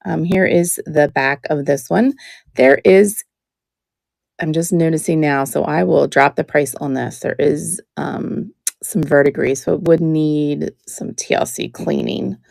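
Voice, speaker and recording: Slow, gravelly woman selling jewelry live. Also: deep voice, no echo. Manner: chatty and relaxed, describing each piece with many fillers. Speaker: live jewelry auction seller. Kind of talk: live sales stream.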